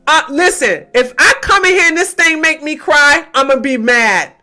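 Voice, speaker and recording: Her voice is high and moderately paced, with faint music in the background. Hosting a casual livestream, this Georgia woman animatedly addresses her chat with emphasis, alternating loud outbursts with muttering.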